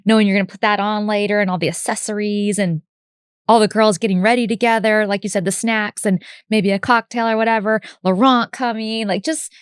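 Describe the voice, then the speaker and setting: A woman's voice: medium pitch, steady tone, a little fast, clear, resonant tone, no echo, studio quality. A woman in her forties co-hosting a podcast, chatting in an easygoing, nostalgic way with many fillers. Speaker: podcast co-host. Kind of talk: casual podcast rewatch chat.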